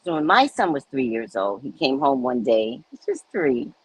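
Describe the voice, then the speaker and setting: A woman's voice: huge pitch swings, moderate pace, husky, dry recording, highs cut off. A woman host telling stories in a casual chat, blunt and profane, laughing often and acting out the dialogue. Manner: acts out dialogue with big pitch swings. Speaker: podcast host.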